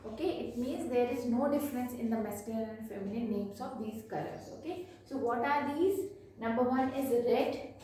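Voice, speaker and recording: A woman teaching a recorded lesson to children, slowly repeating each word twice. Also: high-pitched, darkish tone. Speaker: French teacher. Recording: very echoey room, far from mic.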